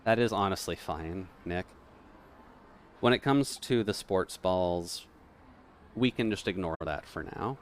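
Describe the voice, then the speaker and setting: A man's voice: deep voice, a little slow, pauses often. A man chatting casually on a live game stream, rambling and joking with viewers. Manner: rambling, joking, laughs often. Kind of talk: casual live-stream chat while gaming.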